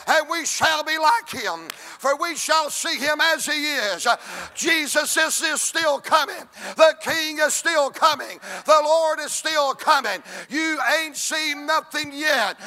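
A male preacher delivering a sermon in rhythmic, shouted, repeated exhortations. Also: extremely high pitch.

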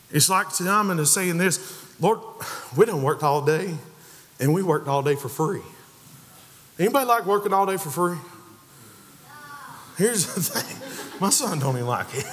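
Man, preacher, sermon, somewhat high voice, lively emphasis, long church reverb. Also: moderate pace, long pauses. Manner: preaching with rising emphasis, acting out quoted voices. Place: church sanctuary.

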